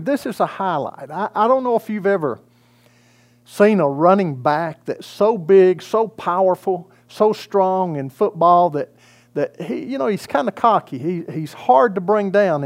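A man's voice: high-pitched, a little mellow. A man preaching a sermon as pastor, in a conversational way with many fillers and restarts.

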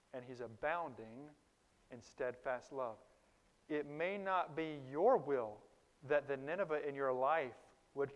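A male pastor preaching a sermon, shifting from quiet stretches to loud, high-pitched emphatic bursts. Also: long reverb tail, lo-fi sound.

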